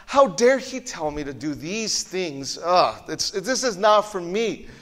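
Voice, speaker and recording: A man's voice: high voice, very animated, takes it slowly, a bit bright, exaggerated voice. A man voicing a proud foreign army commander who is scornful and demanding, recorded with long hall reverb. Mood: indignant.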